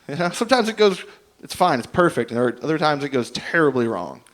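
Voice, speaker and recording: A man's voice: fairly high pitch, sing-song, moderate pace. A young man doing a stand-up comedy set, rambling and self-deprecating as he tells stories and acts out both sides of each conversation.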